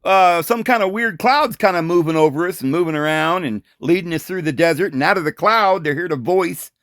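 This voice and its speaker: A man giving an informal Bible commentary, animated and full of rhetorical questions and short chuckles. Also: on the high side, fairly quick, no echo, studio quality. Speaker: Bible teacher.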